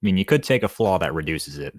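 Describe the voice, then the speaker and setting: Deep-voiced man, dry and close. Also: big pitch swings, fast talker, slightly rough, dry recording. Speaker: player. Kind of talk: casual chat at a tabletop game.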